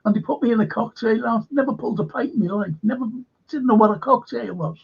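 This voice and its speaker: A man's voice: very high voice, quick pace, creaky, breathy edge, muffled recording. An older man with a Liverpool accent hosting a livestream, chatting casually and rambling through anecdotes while reading out viewer comments. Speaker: livestream host.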